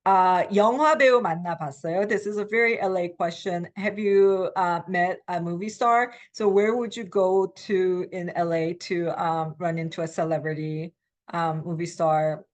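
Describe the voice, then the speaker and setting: A middle-aged woman teaching a recorded language lecture, patiently explaining with frequent ums, alternating slow English with quick example phrases. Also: fairly low pitch, fairly even intonation. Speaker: Korean language instructor.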